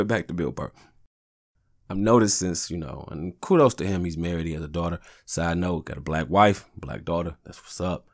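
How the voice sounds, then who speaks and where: A man in his thirties talks through a casual solo podcast in a very low voice with a gravelly, creaky edge. He rambles easily from one story to the next and swears freely. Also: a little mellow. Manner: rambling, profane, laid-back storytelling. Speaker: podcast host.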